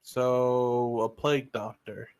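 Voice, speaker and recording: A man co-hosting a game stream, tossing in silly deadpan quips. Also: mid-range voice, slow pace, clear, resonant tone. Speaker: stream co-host. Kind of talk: casual let's play chat.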